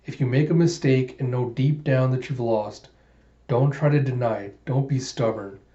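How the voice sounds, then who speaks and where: Man doing a gentle, soothing young woman. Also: medium pitch, normal speed, lightly acted. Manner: soft, soothing, slightly hushed. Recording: roomy, dull home recording.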